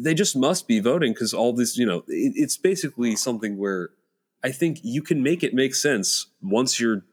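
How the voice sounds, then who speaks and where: A young man talking politics with his father on a podcast, earnest and argumentative, thinking aloud. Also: medium pitch. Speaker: son, podcast guest. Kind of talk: casual political chat.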